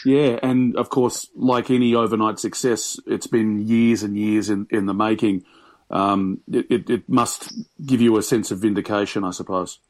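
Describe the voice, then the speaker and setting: Friendly interviewer. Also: male voice, on the low side, fairly even intonation, normal speed. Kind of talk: interview wrap-up.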